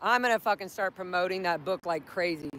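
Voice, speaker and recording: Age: adult. Sex: woman. Style: shouted street protest and chat. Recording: outdoors on a city street. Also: lowish voice, a little fast. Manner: shouts slogans, then chats in an aside. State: voice strained, headache after hours of shouting. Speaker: vlogger protesting outside a building.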